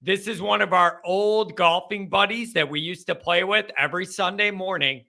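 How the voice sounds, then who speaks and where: A man hosting a call-in show, chatting casually and telling stories in an animated way. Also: sits high, vocal fry. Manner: animated, talkative storyteller. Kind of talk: casual chat.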